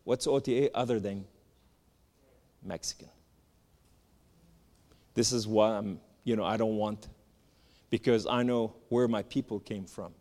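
A man from the Middle East giving a spoken testimony, telling his story with animated, emphatic lists. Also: fairly low pitch, measured pace, long pauses. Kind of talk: testimony sermon. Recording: long hall reverb.

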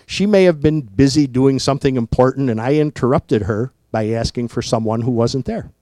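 A man voicing a calm father who makes prank phone calls to teach his daughter. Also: medium pitch, normal speed, no echo, close to an everyday voice. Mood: explaining. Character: playful father teasing by prank calling.

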